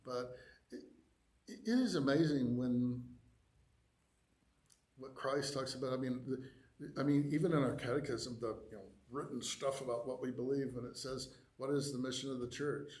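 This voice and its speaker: A man telling a personal story to a church adult education class, acting out his own reactions in lively quoted asides. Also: medium pitch, moderate pace.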